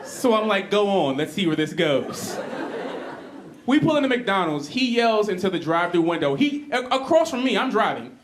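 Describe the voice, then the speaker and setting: A man performing a stand-up routine, telling stories in an animated way and acting out his friends' voices. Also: sits high, normal speed, a little hiss or hum. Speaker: stand-up comedian. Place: comedy stage before an audience. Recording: live club with loud crowd laughter.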